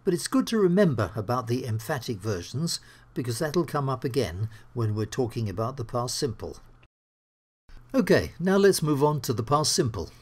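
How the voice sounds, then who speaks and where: A man teaching English grammar, explaining slowly and clearly with worked examples. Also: medium pitch, sing-song. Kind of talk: grammar lesson.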